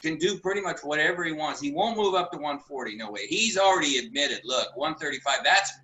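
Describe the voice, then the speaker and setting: A man's voice: fairly high pitch, lively intonation, a little fast, bright, forceful tone, echoey room, a little hiss or hum, low-quality recording. A man co-hosting a boxing talk show, rambling and repeating himself as he chats casually. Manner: rambling, repeats words, laughs while talking.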